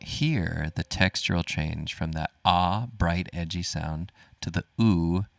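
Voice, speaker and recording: Low-voiced man coaching a vocal warm-up. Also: takes it slowly, vocal fry, no echo. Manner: relaxed, encouraging, demonstrates sung vowels. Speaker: voice teacher. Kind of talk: live-streamed vocal warm-up lesson. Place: home studio, dogs nearby.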